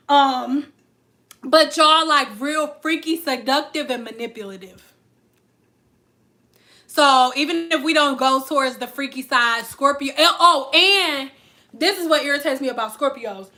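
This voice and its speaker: A woman's voice: sits high, pushed and bright. A young adult woman vlogging in a casual, frank and profane way, acting out the people she talks about. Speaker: hair care vlogger. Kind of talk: casual chat to camera.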